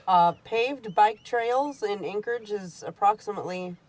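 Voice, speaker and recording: A woman's voice: mid-range voice, moderate pace, a little mellow. Woman on a home vlog, reads off numbers, matter-of-fact, short answers. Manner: matter-of-fact, brief replies. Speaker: host's wife, co-presenter. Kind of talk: casual chat, reading off facts.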